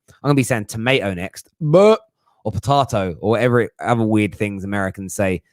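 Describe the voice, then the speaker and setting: A man's voice: fairly low pitch, expressive, a little fast, no room sound. Chatty young man, dry mic. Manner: chatty and jokey, laughs often, slangy. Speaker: livestream host. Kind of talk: casual live chat.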